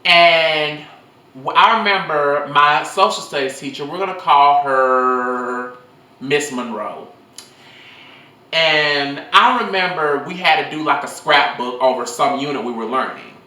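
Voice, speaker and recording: A man's voice: on the high side, measured pace, echoey room, distant mic. A young man telling school stories in a casual vlog, rambling and swearing freely into his phone. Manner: rambling, profane, animated storytelling.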